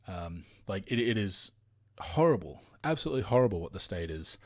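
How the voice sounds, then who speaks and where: A man's voice: low voice, big pitch swings, brisk. An Australian man hosting a live stream, ranting heatedly in casual commentary with frequent fillers and some swearing.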